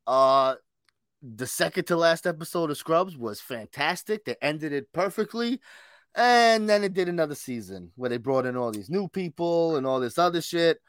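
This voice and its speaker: A man's voice: on the high side, lively intonation, moderate pace, fairly bright tone, no echo, clean studio sound. A man co-hosting a casual pop culture podcast, laughing often, swearing freely and calling his co-host bro.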